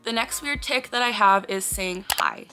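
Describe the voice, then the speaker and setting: Speaking casually to the camera at normal speed, a woman vlogger has a bright, clear tone at an ordinary middle pitch. She explains things earnestly but often breaks off with sudden blurted words and sighs, while faint music plays in the background.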